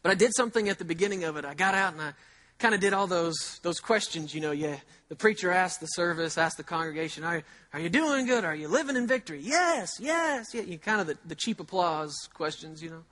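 High-voiced man preaching a sermon. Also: sharp tone. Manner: repeats key phrases slowly for emphasis; conversational, with rhetorical questions. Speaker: pastor.

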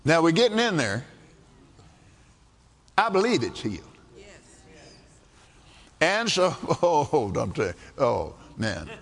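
An older man preaching a sermon, telling a folksy story with frequent laughter in an animated way. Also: a little high, takes it slowly, gravelly, long pauses. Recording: echoey hall.

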